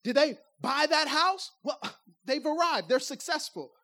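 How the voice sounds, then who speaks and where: A woman with a high voice preaches a sermon like a conversation. She throws rhetorical questions at her listeners and slips into acted-out bits of everyday talk, laughing now and then between points. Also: lively intonation, unhurried, a bit bright. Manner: acts out everyday speech to make points.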